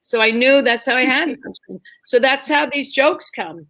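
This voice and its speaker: A woman's voice: sits high, moderate pace. A middle-aged woman comedian telling a bawdy story in casual chat, acting out the people in it. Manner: bawdy, animated, acts out quoted voices. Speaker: comedian guest.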